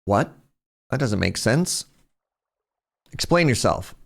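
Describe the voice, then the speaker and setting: A man hosting a game livestream, chatting casually as he plays. He talks at a slow, easy pace with a gravelly fry in his voice. He reads chat messages aloud and reacts to them as he goes. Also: mid-range voice, very animated, fairly bright tone. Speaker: game streamer.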